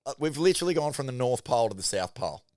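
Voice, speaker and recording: A man co-hosting a podcast, talking in animated, sweary casual chat with halting restarts. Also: medium pitch, dry recording, clean studio sound. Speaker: podcast co-host.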